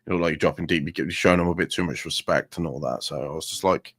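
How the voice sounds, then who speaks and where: A man talking football casually, animated and sweary, calling his co-host "mate". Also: very deep voice, rapid-fire, no room sound. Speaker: podcast co-host.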